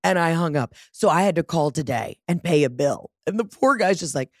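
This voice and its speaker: Woman, lowish voice, dry close sound; animated, swearing comic storyteller. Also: fairly quick, no room sound. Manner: animated, profane, acts out quotes. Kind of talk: casual comedic storytelling.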